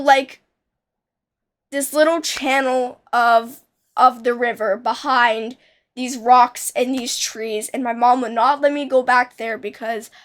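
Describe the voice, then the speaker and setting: A young woman telling a childhood story in a casual, rambling way, with many restarts and fillers. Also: high-pitched.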